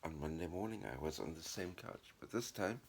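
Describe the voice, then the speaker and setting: Deep-voiced man chatting in a vlog. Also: expressive, fairly quick, vocal fry, slight background noise. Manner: chatty, upbeat, rambling. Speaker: vlogger and writer. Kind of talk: casual vlog to camera. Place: apartment living room.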